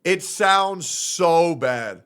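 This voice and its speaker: Bright, blunt ranting male streamer. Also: fairly high pitch, expressive, extremely slow, smooth. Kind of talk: casual reaction commentary.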